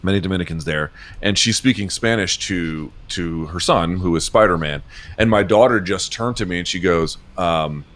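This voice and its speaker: A man in his forties, an interview guest, talking casually on a video call in a rambling, halting way, swearing often. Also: sits low, a bit bright. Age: 40s. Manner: rambling, halting, emotional and profane. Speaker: interview guest, MMA journalist.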